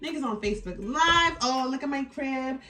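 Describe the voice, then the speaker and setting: Animated, swearing woman vlogger, high voice. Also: moderate pace, faint music behind. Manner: animated, exasperated storytelling with frequent swearing. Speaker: beauty vlogger. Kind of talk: get-ready-with-me storytime.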